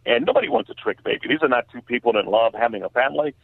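A man giving an earnest personal testimony as a radio interview guest, halting at times and using many fillers. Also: mid-range voice, huge pitch swings, gravelly, husky. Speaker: guest author. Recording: tinny phone line.

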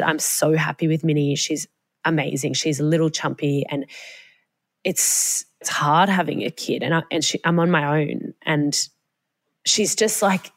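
Young aussie woman, low voice, rambly chatty podcast storytelling, swears a bit. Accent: Australian. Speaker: podcast co-host. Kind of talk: casual chat. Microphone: podcast mic, remote call.

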